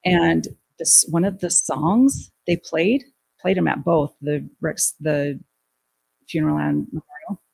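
A middle-aged woman telling an emotional personal story in an interview, halting and restarting her sentences. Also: low voice, vocal fry, a little mellow, slightly rough, poor audio. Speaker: guest recounting a family death.

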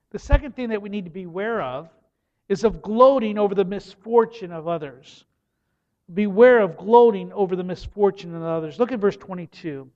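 A man's voice: sits high, lo-fi sound. A man preaching a sermon, reading scripture and repeating earnest warnings to his listeners. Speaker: pastor.

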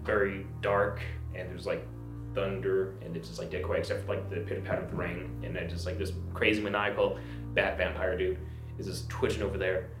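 A man's voice: sits low, little pitch movement, a little fast. A man playing a tabletop game, talking casually and hesitantly with lots of "like" fillers. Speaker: player. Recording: roomy sound with music behind.

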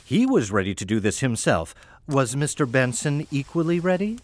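Lively man narrating a wry fairy tale. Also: mid-range voice, moderate pace. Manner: wry, playful, arch. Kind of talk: scripted storybook narration.

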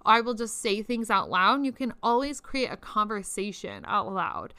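A woman's voice: mid-range voice, animated, normal speed, pushed and bright, smooth, no echo. A young woman hosting a spiritual podcast, chatty and casual, swearing freely and saying "like" a lot. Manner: chatty and profane, many "like"s, laughs often. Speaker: podcast host.

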